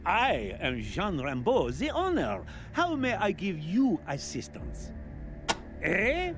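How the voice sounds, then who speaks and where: Jean Rambo, a vain French gunsmith. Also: male voice, sits high, huge pitch swings, takes it slowly, music in the background, heavily acted. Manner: theatrical, self-important. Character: pompous French gun shop owner, vain and dim. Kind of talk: video game voice acting.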